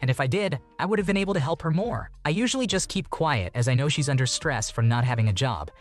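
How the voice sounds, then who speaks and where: A man narrating online posts aloud in a steady, even reading voice. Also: a little high, quick pace, faint music behind. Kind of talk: scripted narration.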